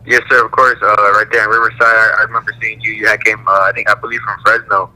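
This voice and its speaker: Soft-spoken man with a bright, flat voice. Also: on the low side, quick pace, rough recording. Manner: soft-spoken, humble, a little shy. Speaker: boxing champion guest. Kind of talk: casual interview answers.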